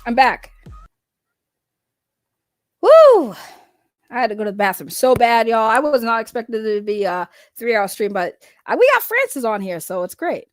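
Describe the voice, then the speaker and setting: Boston lady streamer, high voice bouncing all over, swears and laughs a lot. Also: expressive, quick pace, few pauses, dry recording, clean studio sound, soft background music. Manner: loud, laughing, swearing, talking to chat. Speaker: livestream host. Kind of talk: casual livestream chat.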